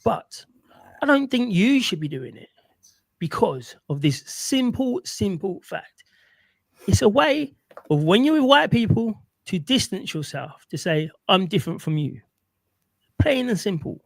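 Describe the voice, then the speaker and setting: A man's voice: high voice, sing-song, unhurried, gravelly, no room sound. A man doing casual, opinionated commentary while reviewing clips, rambling and often asking "right?". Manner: rambling, repeats himself, asks "right?".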